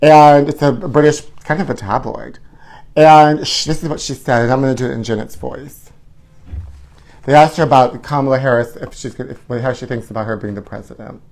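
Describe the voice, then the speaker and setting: A flamboyant male host dishes on celebrities in a campy, theatrical style, calling everyone honey. His voice sits at a middling pitch for a man. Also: fairly even intonation, fairly quick, gravelly, darkish tone. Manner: flamboyant, theatrical, calls viewers honey and trashies. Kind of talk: campy celebrity gossip chat.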